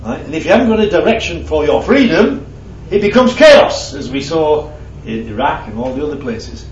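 A man's voice: on the high side, very animated, moderate pace, a little hiss or hum. A man preaching a sermon in a conversational way, asking the audience questions and telling anecdotes. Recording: roomy, distant, dull lo-fi sound with faint ambience.

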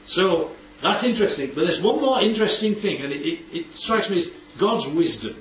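A man teaches a Bible study group with a fairly high, very lively voice, often asking if his listeners agree. He sounds far from the mic in a roomy space. The recording is dull, with faint background ambience. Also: moderate pace, slight background noise. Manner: animated, asks for agreement often.

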